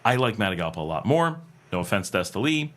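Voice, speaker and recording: A man from the United States hosts a casual livestream from home, in a room with air conditioning running. His voice is lowish and sing-song, and he talks quickly. He reads viewer comments aloud and answers them in a rambling, thinking-aloud way, full of fillers and restarts.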